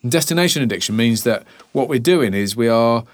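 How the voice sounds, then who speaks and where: A man in his forties, chatting casually as a podcast host and telling animated stories, sometimes dropping to a hushed whisper for effect. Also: mid-range voice, fairly quick, no echo, studio quality. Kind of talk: casual chat.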